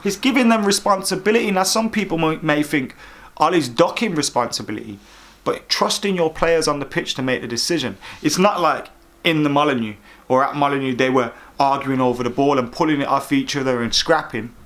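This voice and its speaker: A man's voice: on the high side, a little fast, fairly bright tone. A man hosting a football fan vlog, giving opinionated commentary in an exasperated, sarcastic rant. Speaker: football fan vlogger host.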